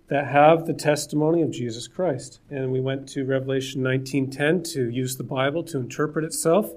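A man preaching a sermon, with a voice that sits a little high for a man. He talks in an earnest, conversational way and breaks off for jokes and asides to the listeners. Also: a little mellow.

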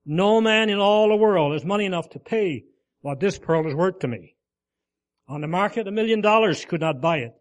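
A man's voice: high voice, lively intonation, moderate pace, pitched above the performer's own voice. A man voicing an earnest old pearl diver. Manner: earnest, pleading. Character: old male pearl diver, grave and devoted.

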